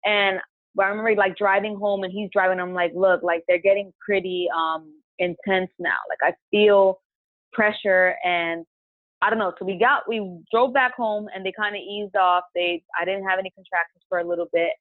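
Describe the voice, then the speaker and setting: On a podcast, a woman guest tells her own story in a casual, chatty way, peppering her speech with "like" and reenacting what she said back then. Her mid-range voice stays steady at a moderate pace. The audio is dry and echo-free but has a tinny, phone-line quality.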